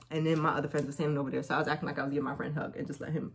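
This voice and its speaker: Chatty young woman with a low voice. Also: very fast, hardly any pauses, background noise. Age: young adult. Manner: chatty, animated storytelling with slang. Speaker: vlogger. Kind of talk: casual try-on haul chat.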